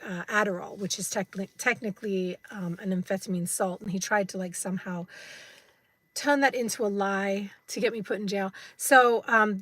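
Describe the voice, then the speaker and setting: A woman's voice: medium pitch, fairly bright tone. A woman in her fifties with an English accent, chatting casually to viewers on a phone live stream from inside a parked car, rambling with many fillers. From United States. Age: 50s.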